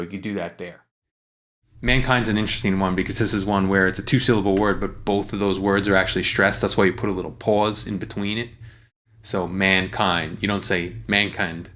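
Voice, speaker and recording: A man teaching lyric writing in a relaxed, explanatory way, with frequent fillers and restarts. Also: on the low side. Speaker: songwriting teacher. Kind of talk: casual screen-share tutorial.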